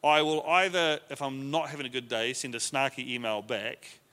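A man's voice: mid-range voice, fairly even intonation, moderate pace, pushed and bright, long reverb tail. A man teaching a leadership class to a group in a conversational way, often acting out the lines he quotes.

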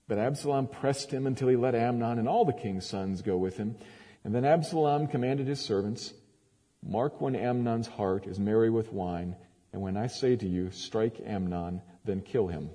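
A man preaching, reading scripture aloud in a measured, emphatic way with sudden rises. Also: medium pitch, dark tone, breathy edge. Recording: long hall reverb.

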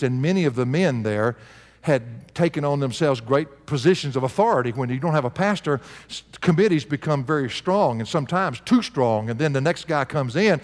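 An older man preaching a sermon as a pastor, telling stories and repeating key words for emphasis. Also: mid-range voice. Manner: storytelling preacher, animated and repetitive for emphasis. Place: church sanctuary. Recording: long reverb of a church hall.

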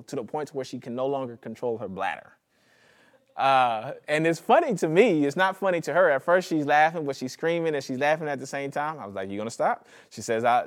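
Pastor, male, lively conversational sermon delivery with jokes and call-outs to the congregation. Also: medium pitch. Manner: animated, conversational preaching with jokes and audience prompts.

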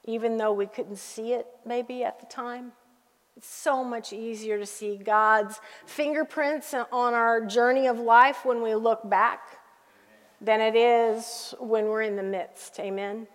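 A middle-aged woman pastor preaching a sermon, telling family stories with lively asides to the congregation. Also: fairly high pitch, slow pace, long reverb tail.

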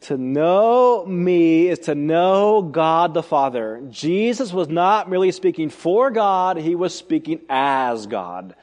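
A man preaching an expository sermon, emphatic, asking rhetorical questions and swinging between loud and soft delivery. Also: fairly high pitch, expressive, slow pace, few pauses, long reverb tail. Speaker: pastor.

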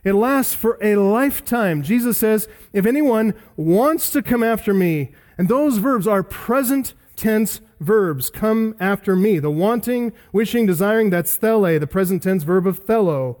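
A man with a rather high voice preaches an expository sermon at a pulpit microphone. He is emphatic, stacks up repeated phrases and draws key words out slowly for weight. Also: expressive, darkish tone. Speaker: pastor.

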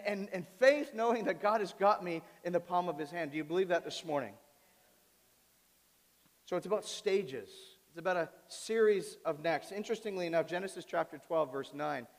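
High-voiced pastor preaching in a hall. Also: male voice. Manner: animated, asks the audience questions. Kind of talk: sermon. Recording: reverberant hall.

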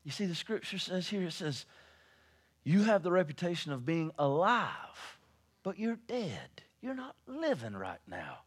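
A man preaching a sermon, telling stories and swinging from hushed, reflective talk to loud, urgent exhortation. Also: high voice, very animated, measured pace, husky. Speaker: pastor.

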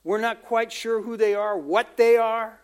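A man's voice: high-pitched, fairly even intonation, unhurried, smooth. A man from the United States, a pastor preaching a conversational sermon full of asides and acted-out quotes.

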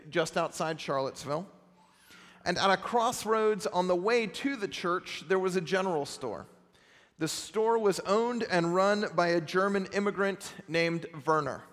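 A man's voice: high voice, fairly bright tone, in a large hall. A male pastor preaching a sermon in a conversational, self-deprecating storytelling manner.

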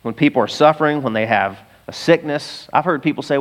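A middle-aged man, a pastor, preaching a sermon in a conversational, animated way, with asides to the congregation. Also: mid-range voice, fast, gravelly, few pauses.

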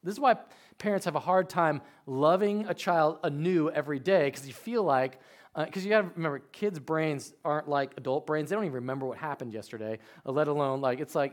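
Pastor guy preaching, high voice, gets loud then quiet, tells stories. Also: quick pace. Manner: animated storytelling, swings from quiet to loud. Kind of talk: sermon.

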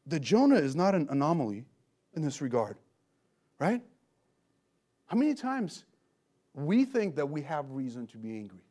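High-voiced man preaching animatedly. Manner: animated, emphatic, rhetorical questions. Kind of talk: expository sermon.

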